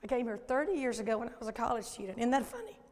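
A Southern American woman in her fifties preaching a lively, folksy sermon in a church sanctuary and questioning the congregation. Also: on the high side, very fast, a little hiss or hum. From Southern United States. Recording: echoey church hall.

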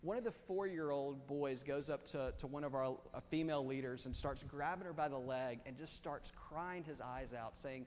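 A pastor preaching in a reverberant hall. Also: male voice, mid-range voice, normal speed, few pauses. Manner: impassioned, swings from hushed to loud. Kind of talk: sermon. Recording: reverberant hall, faint ambience.

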